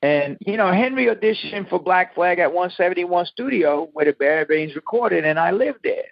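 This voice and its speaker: A man's voice: high voice, animated, moderate pace, creaky, no room sound. A man in his fifties, a musician interviewed over the phone, telling stories in a profane, emphatic way. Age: 50s. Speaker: musician guest. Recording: dull lo-fi phone line.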